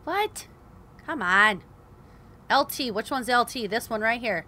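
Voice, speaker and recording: A woman's voice: fairly high pitch, lively intonation, unhurried, long pauses, pushed and bright. A young woman commenting on her gameplay, swearing in frustration and talking to herself and her viewers. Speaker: gaming video host.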